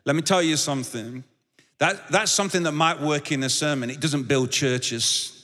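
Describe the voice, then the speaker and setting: A man's voice: a little high, normal speed, pushed and bright, in a large hall. A man preaching a sermon as pastor, talking conversationally and repeating words as he goes. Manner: conversational, repeats words, shifts into acted quotes.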